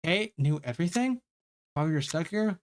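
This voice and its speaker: A man's voice: on the high side, expressive, normal speed. A man streaming a story game live, reading aloud and reacting with frequent swearing.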